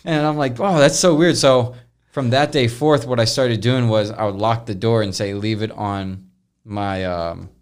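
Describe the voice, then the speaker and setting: A young man hosting a podcast, casually telling a long story, rambling and animated, with frequent swearing. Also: fairly low pitch, measured pace, smooth. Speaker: podcast host.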